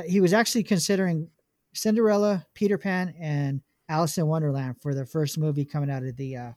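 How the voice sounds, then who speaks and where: A man's voice: on the high side, mellow, no echo. A man hosting a casual podcast chat, reading film notes aloud with many ums and restarts. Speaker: podcast host.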